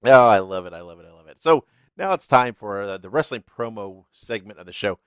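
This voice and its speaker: A man's voice: fairly low pitch, lively intonation, a little fast, fairly bright tone, clear, resonant tone, no room sound. A man hosting a podcast, telling stories casually with laughs and plenty of fillers. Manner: chatty, laughs through his stories, filler-heavy. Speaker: podcast host.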